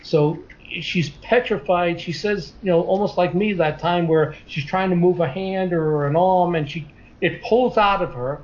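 Earnest middle-aged man, slightly high voice. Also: a little slow. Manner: earnest, rambling retelling with many "she says" tags. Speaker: guest telling a story. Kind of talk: casual spoken storytelling. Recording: dull lo-fi audio.

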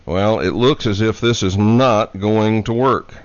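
A man hosting a live radio talk show from a studio, talking in an unhurried, halting way with many fillers. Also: fairly low pitch, clean tone, no echo. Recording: dry, dull lo-fi radio studio sound.

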